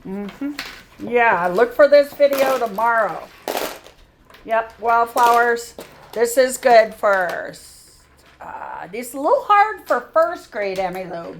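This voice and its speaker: A woman's voice: on the high side, very animated, takes it slowly, slight background noise. A middle-aged woman teaching a phonics lesson as a reading tutor, patiently sounding out each word aloud.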